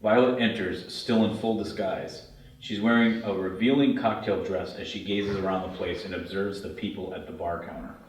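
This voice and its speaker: Man, deep voice, reading script directions, matter-of-fact, very echoey, distant mic. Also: steady tone, normal speed. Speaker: narrator reading scene directions. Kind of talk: script read-through narration. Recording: very echoey, distant, faint hiss.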